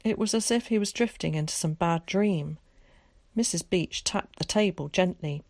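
Calm low-voiced woman narrator. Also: dry recording. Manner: calm, measured storytelling. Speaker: audiobook narrator. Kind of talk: storybook narration.

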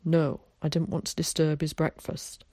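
A woman voicing a gruff, protective older countryman of few words. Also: deep voice, completely flat delivery, normal speed, dark tone, no echo. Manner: terse, dry rural speech.

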